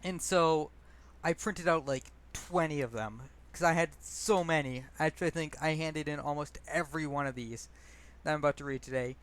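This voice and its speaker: Smooth-voiced young man telling rambling stories. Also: on the high side, moderate pace, fairly bright tone. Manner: rambling, self-deprecating, many fillers and restarts. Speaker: poet reading his own work. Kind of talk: casual storytelling and poetry reading.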